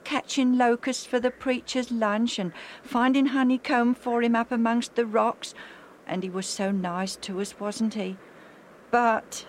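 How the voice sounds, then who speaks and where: A woman voicing Alf, a gentle, tender-hearted boy who speaks in a high, earnest way. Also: steady tone, measured pace, slight background noise, lightly acted. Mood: fond. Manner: high, earnest, near tears when sad.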